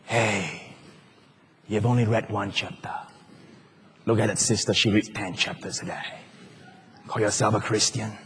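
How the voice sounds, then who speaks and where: A man voicing a sly, taunting male devil who accuses a believer, in a low, hushed, sneering tone. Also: fairly even intonation, a little slow, pauses often, slight background noise. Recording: long church-hall reverb.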